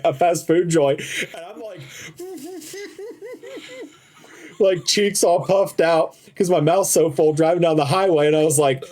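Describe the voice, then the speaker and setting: With a slightly high voice and a darkish tone, a man co-hosts an easygoing podcast. He chats and spins animated stories, laughing throughout.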